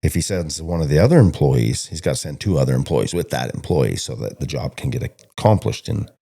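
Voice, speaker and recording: A man's voice: a bass voice, expressive, a little fast, vocal fry, warm tone. A man co-hosting a casual podcast about stockdog training, telling long rambling stories and acting out the conversations he quotes. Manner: rambling storyteller who acts out quoted conversations.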